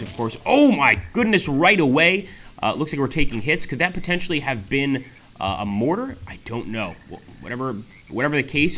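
A man hosting a let's play, commenting excitedly on a strategy war game and often exclaiming to his viewers. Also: medium pitch, slight background noise. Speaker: gaming channel host.

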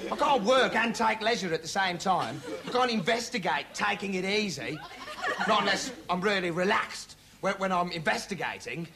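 An actor playing a dim, bumbling young male reporter who talks straight to camera in a deadpan, rambling way, full of "like" and "you know". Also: high voice, moderate pace. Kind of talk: comic monologue to camera. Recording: noisy TV studio with audience laughter.

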